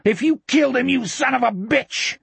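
A cornered, desperate teenage boy shouting in anguish, his voice pushed high and cracking with strain, as a man reading aloud voices him. The husky, dry sound of an audiobook narrator stays close to the mic. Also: normal speed, dry recording, full character voice.

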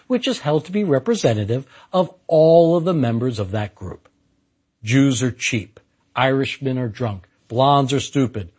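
A man's voice: medium pitch, darkish tone, breathy edge. A man giving a scripted philosophy lecture in an emphatic way with dry humor.

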